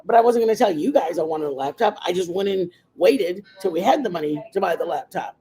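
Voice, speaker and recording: A woman's voice: fairly low pitch, a little fast, hardly any pauses, warm tone, poor audio. Chatty woman rambling on a makeup stream. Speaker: livestream host. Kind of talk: casual makeup livestream chat.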